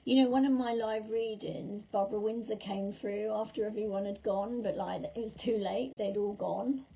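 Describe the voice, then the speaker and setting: A woman, a psychic medium, chatting warmly with viewers during a livestream reading while her throat is sore and scratchy. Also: medium pitch, fairly even intonation, normal speed, creaky, breathy edge. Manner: chatty and affectionate, calls viewers lovely and darling. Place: at home.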